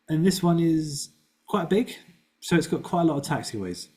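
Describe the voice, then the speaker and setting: A man's voice: fairly high pitch, lively intonation, unhurried, a little mellow. A man teaching a flight lesson over a video call, explaining patiently step by step with small fillers. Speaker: flight instructor. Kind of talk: casual online flying lesson.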